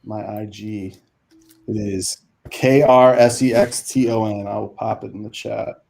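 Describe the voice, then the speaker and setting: A man casually pitching items on a live auction stream, laid-back and easygoing. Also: steady tone, a little slow, gravelly, a little mellow. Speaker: auction seller.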